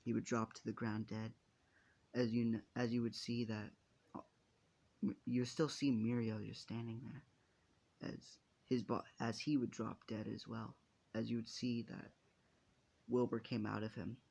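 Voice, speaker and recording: A man's voice: on the low side, little pitch movement, unhurried, vocal fry, long pauses, darkish tone. A man narrating an improvised fan story in a rambling, casual way, with many restarts and casual swearing.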